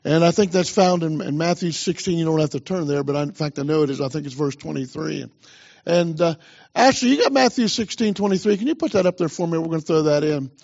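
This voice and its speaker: A man's voice: fairly high pitch, lively intonation, fast, gravelly, darkish tone, muffled recording. A man pastor preaching a sermon with emphasis, urging the congregation on.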